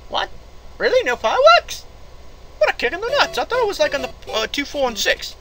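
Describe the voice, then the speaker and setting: A gaming commentator talking casually through retro games, excitable, yelping, laughing and cursing mildly at each mistake. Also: sits high, brisk, background noise. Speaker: gameplay commentator. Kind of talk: casual let's-play commentary. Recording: game music playing behind.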